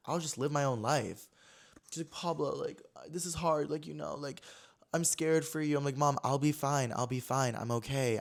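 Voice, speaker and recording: Candid, chatty young man host. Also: medium pitch. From Connecticut, USA. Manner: candid, chatty, heavy use of "like". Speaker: podcast host. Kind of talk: casual storytelling chat.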